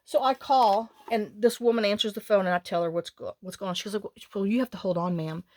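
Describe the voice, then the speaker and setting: A woman's voice: medium pitch, brisk, dry recording, clean studio sound. A middle-aged woman, chatting and rambling through a story as a craft channel host. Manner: rambling, animated, with many restarts and quoted dialogue.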